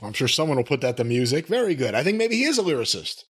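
A man's voice: medium pitch, big pitch swings, fast talker, breathy edge. A man co-hosting a podcast, dropping short, wry interjections in casual chat. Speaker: podcast co-host.

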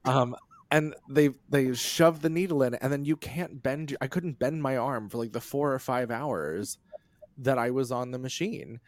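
A man's voice: medium pitch, unhurried, no room sound. A man as a podcast guest in casual chat, rambling, laughing often and swearing freely.

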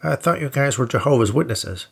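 A man's voice: mid-range voice, animated, brisk, gravelly, breathy edge, pitched above the performer's own voice. A man voicing a defensive, evasive ex-boyfriend in an audiobook, with a whiny, protesting delivery. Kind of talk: audiobook character voice.

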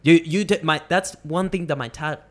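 Soft-spoken male podcast host. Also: on the high side, moderate pace. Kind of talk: casual podcast conversation.

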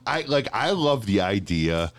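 A man's voice: fairly low pitch, sing-song, measured pace. A man bantering crudely in casual chat, laughing and jumping in with jokes. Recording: noisy background.

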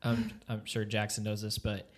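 A man's voice: fairly low pitch, completely flat delivery, normal speed. A young man co-hosting a casual chat, rambling with lots of fillers and laughing often. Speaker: podcast co-host.

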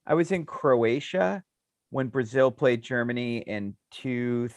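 A man's voice: mid-range voice, takes it slowly, dry recording. Guy cohosting a podcast, chatty and laughing a lot, dead dry mic. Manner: animated storyteller, laughs often. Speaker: podcast co-host. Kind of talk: casual chat.

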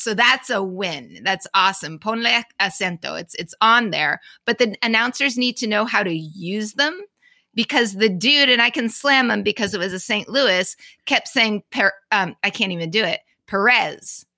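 A woman's voice: medium pitch, pushed and bright, no room sound, studio quality. A woman co-hosting a casual sports podcast, blunt and swearing freely, laughing often. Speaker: podcast co-host. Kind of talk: casual chat.

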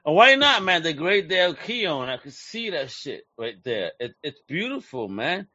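A man hosting a casual interview, talking in a slangy, excitable, hype-driven way. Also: fairly high pitch, normal speed, dry recording, muffled recording. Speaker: interview host.

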